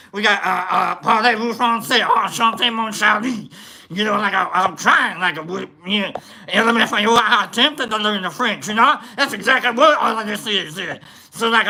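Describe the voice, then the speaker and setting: Bright, rambling livestream host. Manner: rambling and goofy, with many fillers and big swings in pitch. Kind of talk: casual live-stream chat with viewer shoutouts.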